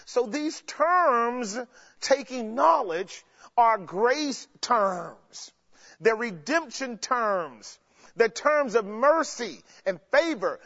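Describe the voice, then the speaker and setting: A man preaching a sermon in a lively, playful way, acting out the characters in everyday speech. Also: sits high, long reverb tail. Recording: dull lo-fi sound.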